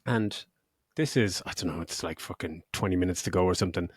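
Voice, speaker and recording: A man's voice: low voice, fairly quick, husky, dry recording, studio quality. A middle-aged man co-hosting a podcast, recapping a film in casual chat, sarcastic, swearing freely and laughing often. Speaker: podcast co-host.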